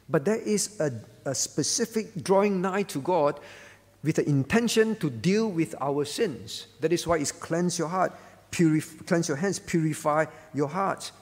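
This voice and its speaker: A man's voice: a little high, expressive, normal speed, husky. A man preaching at a prayer meeting as the pastor, earnest, repeating his phrases and quoting scripture. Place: church hall. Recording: church hall with long reverb.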